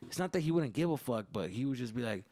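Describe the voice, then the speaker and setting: A man's voice: mid-range voice, quick pace. Profane man telling street stories. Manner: profane, animated, acts out other voices; mixes Spanish slang into English. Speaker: podcast host. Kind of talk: casual storytelling monologue.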